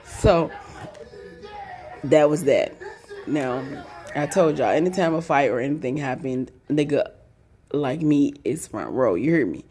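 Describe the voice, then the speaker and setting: A young woman telling a family story in casual, profane, animated talk, laughing often. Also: a bass voice, measured pace, pauses often, faint music behind.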